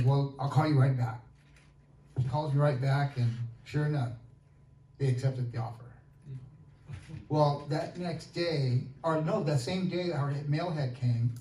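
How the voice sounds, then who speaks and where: A man telling a personal story to a church group in a relaxed, plain-spoken way. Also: mid-range voice. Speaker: guest sharing a testimony. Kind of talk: casual storytelling testimony. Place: church hall. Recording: roomy hall, mic far off, faint noise.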